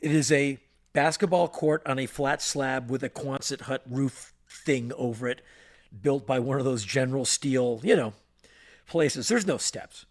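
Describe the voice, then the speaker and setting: A man co-hosting a podcast, telling a story in an animated way and acting out voices and sounds. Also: medium pitch, measured pace. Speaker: podcast co-host. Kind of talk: storytelling in casual chat.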